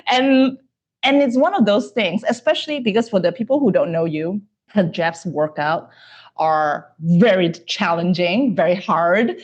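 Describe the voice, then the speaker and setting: A woman's voice: on the low side, a little slow. A woman hosting a conversational interview, speaking encouragingly and laughing often. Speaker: host.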